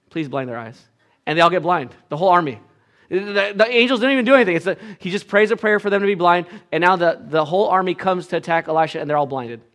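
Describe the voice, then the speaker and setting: A pastor with a high voice retells a Bible story in his sermon, casual and animated, acting out the characters and swinging from hushed to loud. He drops in casual asides and restarts with fillers.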